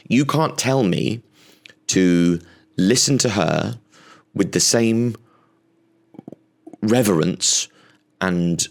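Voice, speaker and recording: Deep gravelly-voiced comedian man. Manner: rambling, facetious, sweary. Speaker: comedian podcast host. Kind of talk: comedic podcast monologue.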